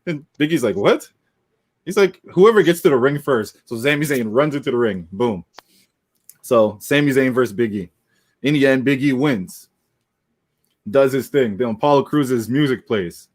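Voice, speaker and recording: Animated man telling wrestling stories. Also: mid-range voice, moderate pace. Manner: animated storytelling with profanity. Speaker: podcast co-host. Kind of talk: casual chat.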